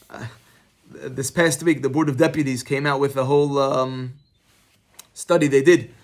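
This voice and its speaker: A man's voice: mid-range voice, measured pace. A middle-aged man, a rabbi, giving an informal Torah class, teaching through conversational personal stories. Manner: conversational, storytelling, animated.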